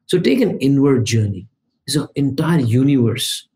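A man, a podcast guest and coach, talking in energetic, emphatic bursts that list steps one after another. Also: medium pitch, normal speed. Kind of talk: conversational podcast interview.

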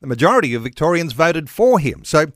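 Measured male radio host, dry sound. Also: a little high, big pitch swings, a bit bright, no echo. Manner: measured, earnest, asking questions. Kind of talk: radio interview.

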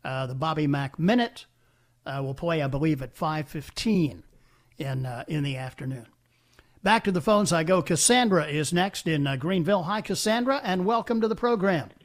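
An older man hosting a call-in talk radio show, talking in a halting way with many uhs and restarts. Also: on the high side, animated.

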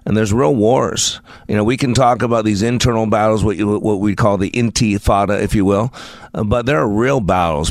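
A man hosting a faith-based radio talk show, energetic and emphatic, interviewing a guest. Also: on the low side, no echo, clean studio sound. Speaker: radio host.

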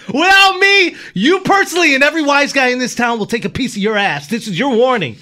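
A man voicing a hot-tempered, threatening male mobster in an imitation Italian-American accent, clipped and loud. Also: fairly high pitch, animated, a little fast. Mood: menacing. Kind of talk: comic movie-scene reenactment.

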